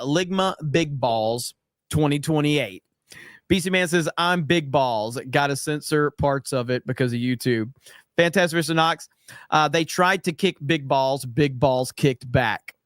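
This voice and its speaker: Brash American male host, slightly high voice, dry close sound, swears freely. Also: fairly bright tone, no echo. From United States. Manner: brash, profane, emphatic. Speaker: podcast host reading super chats. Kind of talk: casual livestream chat.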